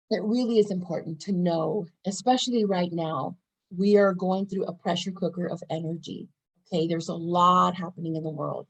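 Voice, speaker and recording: A woman's voice: fairly low pitch, darkish tone, rough recording. A woman in her thirties talking casually to camera in a bubbly, upbeat, chatty way. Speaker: wellness vlogger.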